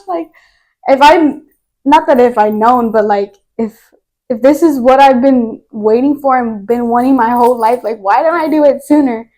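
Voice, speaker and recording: Young woman, faith testimony, earnest, rambling, filler-heavy, slightly high, mellow. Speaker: guest.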